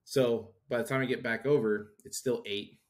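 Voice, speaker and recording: A man in his thirties, co-hosting a podcast, telling a story in a casual, animated way and acting out the people he quotes. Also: mid-range voice, normal speed. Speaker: podcast co-host. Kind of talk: casual chat.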